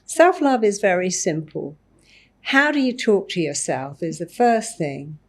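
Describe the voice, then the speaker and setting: A woman with a somewhat low voice is a guest in an interview. She speaks emphatically and acts out short example lines as she explains. She sounds animated and sure of what she says. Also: measured pace. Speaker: therapist guest. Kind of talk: interview conversation.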